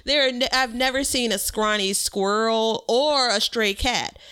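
A woman's voice: on the high side, a little slow, pushed and bright, smooth. A woman hosting a gardening podcast, chatty and laughing often as she explains tips. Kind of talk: casual chat.

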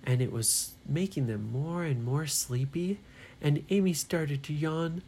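A woman telling a children's bedtime story, slow and soft, playing up the characters' voices. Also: sits low, a little hiss or hum.

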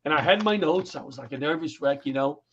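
High-voiced New storyteller. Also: male voice, quick pace, husky. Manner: animated, acts out the voices in his anecdotes. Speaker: guest comedian and firefighter. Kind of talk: storytelling in an interview. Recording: dull lo-fi recording.

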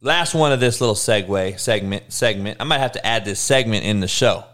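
A man's voice: on the low side, brisk, fairly bright tone. A man who coaches youth, ranting comically in a profane, emphatic way. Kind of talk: comedic rant.

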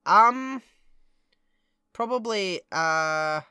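Bright-voiced playful man. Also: sits high, expressive, clear, resonant tone, no echo, clean studio sound. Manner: playful, jokey, quick bursts. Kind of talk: casual film chat.

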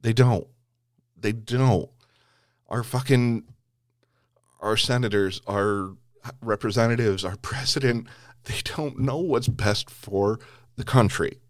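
Man, low voice, angry rant, swears a lot, keeps restarting sentences, dry close sound. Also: slow, dry recording. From United States. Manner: heavy swearing, repeated restarts.

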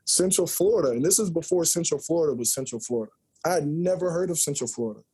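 A man in his forties tells stories from his playing days as a podcast guest, lively and joking. His voice is husky and mellow, never sharp. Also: a little high, fast talker. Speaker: podcast guest, former college basketball player. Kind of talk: storytelling interview chat.

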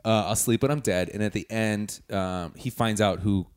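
A man co-hosts a casual podcast and retells a film scene at length. He stumbles over words and laughs at himself. His voice sits a little low. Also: moderate pace, clean tone. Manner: stumbling, self-deprecating. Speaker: podcast co-host.

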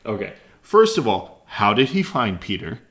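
A man co-hosting a casual podcast, joking around and doing quick silly voices. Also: lowish voice, sing-song, a bit bright. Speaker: podcast co-host. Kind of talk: casual banter.

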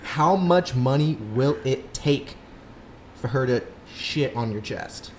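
A man's voice: mid-range voice, lively intonation, slow, noisy background. Laid-back joking podcast man. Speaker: podcast co-host. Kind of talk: casual chat.

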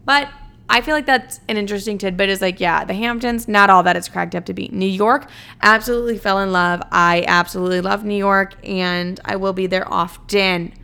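A woman's voice: medium pitch, fairly even intonation, a little fast, gravelly, pushed and bright, clean tone. A young woman in her twenties, answering fan questions in a blunt, profane, ranting chat full of "like". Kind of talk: casual chat.

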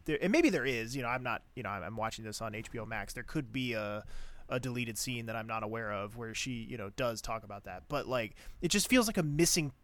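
A man talking casually on a podcast, rambling and circling back with lots of fillers. His voice sits at a middling pitch. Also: expressive, brisk, fairly bright tone. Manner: rambling, many fillers and restarts. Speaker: podcast co-host. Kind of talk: casual chat.

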